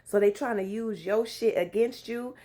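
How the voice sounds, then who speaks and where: A young woman telling a story to her followers in a casual, slangy, animated way, with swearing and dramatic emphasis. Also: medium pitch, normal speed. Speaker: relationship advice vlogger.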